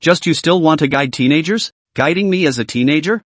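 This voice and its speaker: A man reading the lines of a blunt, teasing teenage boy in a comic recap, in an even voice. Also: fairly high pitch, fairly quick, no echo, lightly acted.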